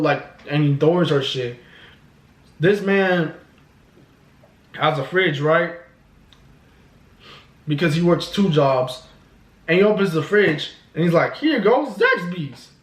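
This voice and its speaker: A man telling a story in a casual, profane, filler-heavy way, filmed at home. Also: a little high. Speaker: vlogger. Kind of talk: storytime vlog. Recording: echoey room.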